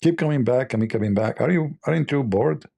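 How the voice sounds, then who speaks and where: Gravelly, mellow-voiced man teasing his chat. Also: medium pitch, lively intonation, quick pace. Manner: teasing, joking, mock-offended banter. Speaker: livestream host. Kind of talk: casual livestream chat with viewers.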